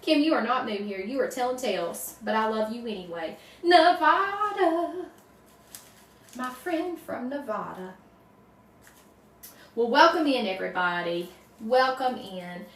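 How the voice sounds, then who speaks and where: A woman's voice: a little high, expressive, moderate pace. Chatty Southern woman in a roomy space. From North Carolina, USA. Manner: chatty, greets viewers by name, folksy. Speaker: wreath designer hosting a live stream. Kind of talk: casual live-stream crafting chat. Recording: roomy echo, distant mic.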